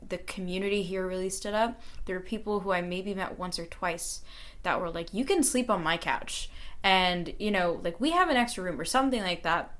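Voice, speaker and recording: A woman's voice: fairly low pitch, a bit bright. A young woman in her late teens, a student, telling her story in a casual radio interview, earnest and chatty with frequent fillers. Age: young adult.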